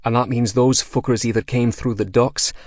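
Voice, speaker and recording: Man doing a gruff foul-mouthed dwarf boss with a thick brogue. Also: medium pitch, fairly even intonation, normal speed, a little mellow, no room sound, studio quality, pitched above the performer's own voice, natural voice. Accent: put-on Scottish brogue. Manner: profane, menacing, jovial.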